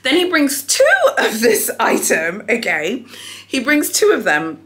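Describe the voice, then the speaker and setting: A young adult woman telling a shopping story in a casual vlog, chatty and animated, calling viewers "honey", recorded in a hotel room without an external mic. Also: a little high, a little slow. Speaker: luxury shopping vlogger.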